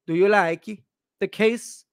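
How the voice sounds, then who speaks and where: A man doing a smooth-talking sales rep who lays on the polite patter a little too thick. The put-on voice sits high, with a slightly distant, altered tone set apart from the speaker's usual sound. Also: steady tone, measured pace, no echo, studio quality. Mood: salesy.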